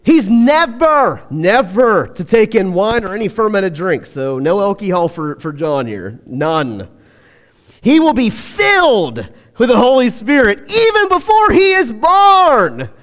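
Preacher, man, lively swinging delivery, chatty jokes, reverberant hall. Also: high voice. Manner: joking, chatty, laughs often. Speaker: pastor. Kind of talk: sermon with casual asides.

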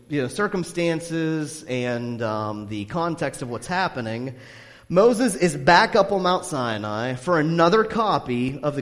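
A male pastor preaching a sermon in a church, chatty and animated, with many fillers. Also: fairly high pitch. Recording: long hall reverb.

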